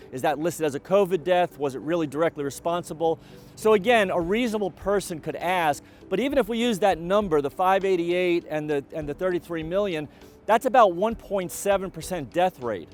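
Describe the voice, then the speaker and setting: A middle-aged man giving a college president's video update, speaking in a measured, deliberate way with frequent fillers and restarts. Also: fairly high pitch.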